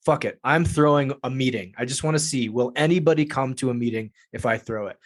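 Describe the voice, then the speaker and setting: A man telling a story as a podcast guest, lively and profane. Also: mid-range voice, brisk. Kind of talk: casual storytelling.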